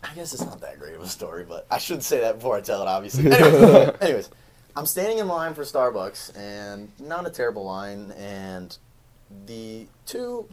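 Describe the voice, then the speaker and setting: Animated young man telling a story. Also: mid-range voice, a little hiss or hum. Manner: animated storyteller, laughs often. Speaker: podcast host. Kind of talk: casual podcast chat.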